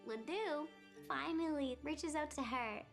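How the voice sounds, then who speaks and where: A woman's voice: high voice, a little slow, faint music behind. A drunk woman retelling history in a giggly, crude, rambling way. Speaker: storyteller.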